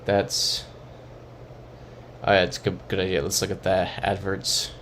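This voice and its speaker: Young male streamer, low, unhurried, mumbled live commentary, faint background hum. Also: completely flat delivery, fairly bright tone. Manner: muttering, thinking aloud, reading chat.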